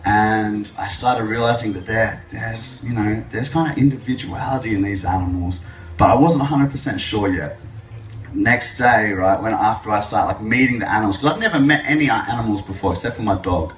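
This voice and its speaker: A man's voice: on the low side, a little fast. Man speaking in an echoey hall. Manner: animated storytelling with jokes. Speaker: speaker at an event. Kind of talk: public speech. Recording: echoey hall, mic from a distance.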